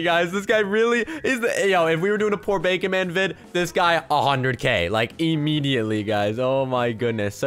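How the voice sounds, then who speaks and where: Excitable young man narrating gameplay. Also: fairly high pitch. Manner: excitable, chatty, addresses viewers as guys and bro. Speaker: gaming YouTuber. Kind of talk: casual gameplay commentary.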